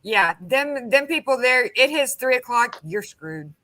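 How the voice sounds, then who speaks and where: A woman's voice: fairly high pitch, expressive, a little slow, sharp tone. A woman raised in Texas, a guest in a casual live chat, telling folksy jokes and drawing out Southern lady voices.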